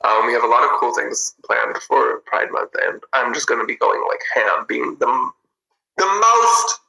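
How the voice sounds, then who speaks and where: A man chatting casually with viewers on a livestream, bubbly and giggly, in an animated way. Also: mid-range voice, moderate pace, gravelly, reverberant, poor audio. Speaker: livestream host.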